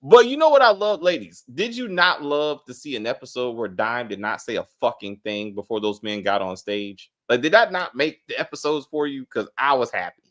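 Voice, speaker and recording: A man hosting a casual TV review chat, animated and profane, acting out the characters' lines. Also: medium pitch, a little fast, hardly any pauses. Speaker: podcast host.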